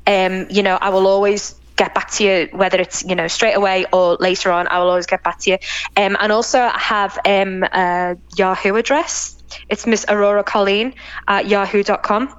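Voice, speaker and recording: A British woman chats warmly and effusively as an interview guest, laughing easily between thoughts. Her voice sits in a middle register. The call audio is slightly dull. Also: medium pitch, fairly even intonation, moderate pace, clear, resonant tone, no echo. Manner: chatty, effusive, laughs often. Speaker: interview guest, pinup model. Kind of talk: casual chat. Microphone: call recording.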